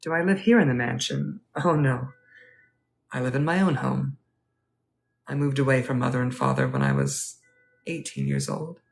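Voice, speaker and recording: A man playing a polite, wistful Edwardian gentleman at a ball, speaking formally and courteously in a live role-play. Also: mid-range voice, very animated, normal speed, vocal fry, long pauses. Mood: genteel. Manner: formal, courteous, old-fashioned phrasing.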